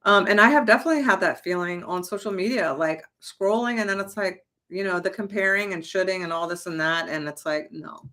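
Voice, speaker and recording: A woman's voice: mid-range voice, fairly quick, hardly any pauses, bright, forceful tone. A young adult woman giving a casual, emphatic motivational talk as a manifestation coach, chatty and swearing lightly.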